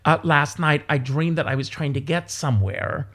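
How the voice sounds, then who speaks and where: A man from South Carolina, a stage performer and guest, chatting casually and telling rambling, animated stories. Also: fairly high pitch, normal speed. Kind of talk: casual interview chat.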